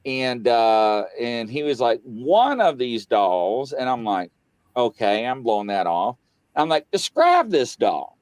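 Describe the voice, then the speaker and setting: A man casually telling a story on a talk show, acting out the dialogue and jumping high in pitch when he gets excited. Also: slow, no echo. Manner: animated, acts out quoted dialogue, voice jumps high when excited. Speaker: guest on a paranormal talk show.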